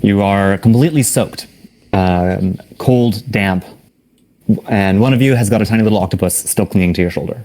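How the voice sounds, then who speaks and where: A man running a tabletop game as game master, setting scenes in relaxed, vivid detail. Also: fairly low pitch, normal speed. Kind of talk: descriptive narration of a tabletop game.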